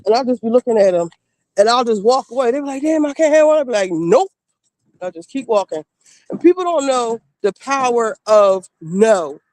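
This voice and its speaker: A woman streamer telling casual stories in a blunt, animated way, acting out the people she quotes. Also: fairly high pitch, a little fast, no echo. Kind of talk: casual storytelling.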